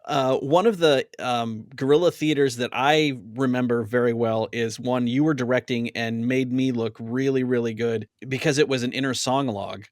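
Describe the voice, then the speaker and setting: A man's voice: medium pitch, steady tone, moderate pace, few pauses, dry recording, clean studio sound. A man hosting a casual conversation, reminiscing in a friendly way and laughing easily. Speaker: podcast host.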